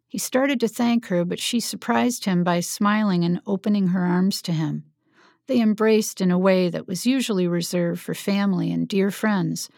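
A woman narrating an audiobook in a calm, steady storytelling manner. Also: mid-range voice, normal speed, vocal fry, no echo, studio quality.

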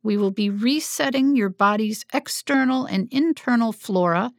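Woman voicing a measured clinic worker. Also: on the high side, dry recording, studio quality, natural voice. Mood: businesslike. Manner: measured, explanatory. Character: composed female medical worker.

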